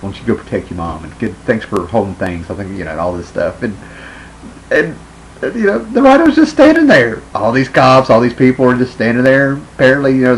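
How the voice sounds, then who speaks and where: A man's voice: sits low, slight background noise, rough recording. A man giving a casual, rambling movie review, full of "you know" fillers and frequent chuckles.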